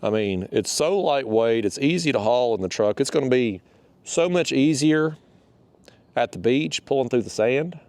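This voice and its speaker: A man's voice: mid-range voice, expressive, moderate pace, darkish tone, dry recording. A man talking casually while fishing from a kayak outdoors, rambling and a bit out of breath. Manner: rambling, restarts, folksy phrasing. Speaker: fishing vlogger.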